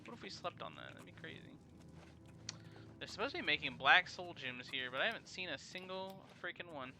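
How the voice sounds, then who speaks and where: A man's voice: fairly high pitch, expressive, brisk, gravelly, noisy background. A young man casually commenting on a game during a live stream, laid-back and slangy, rambling between actions. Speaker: let's play streamer. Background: game music.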